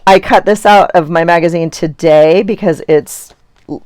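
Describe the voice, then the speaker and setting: A woman's voice: on the low side, moderate pace, a little mellow, no room sound. A middle-aged woman chatting casually in her home office while sorting journal supplies, rambling and giggly. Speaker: journaling vlogger. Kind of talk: casual chat while crafting.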